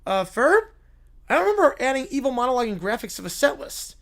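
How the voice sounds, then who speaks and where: A man voicing an eager, excited cartoon boy inventor. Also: very high voice, fast talker, gravelly, full character voice.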